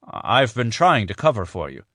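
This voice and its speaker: Audiobook part: a nervous middle-aged colleague, hurried and placating, as a male narrator voices him, close and dry. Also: on the low side, very animated, fairly bright tone, dry recording. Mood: anxious. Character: anxious middle-aged male law partner.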